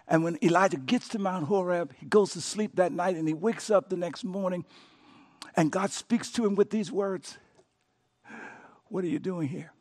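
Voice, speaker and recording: A man preaching with a voice set high for a man. He pushes to fervent shouts, then drops to hushed, whispered words, acting out the scripture's speakers in a plain, folksy way. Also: moderate pace. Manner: dramatic preaching, swings from loud shouts to hushed near-whispers; acts out biblical dialogue with colloquial flair. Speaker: pastor. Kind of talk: sermon.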